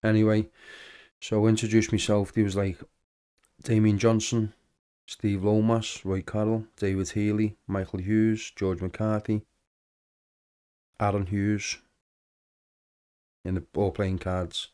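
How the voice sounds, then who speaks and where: Low-voiced man telling football stories. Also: takes it slowly, pauses often, smooth. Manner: animated anecdotes with acted-out dialogue. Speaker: podcast guest, former footballer. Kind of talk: casual storytelling interview.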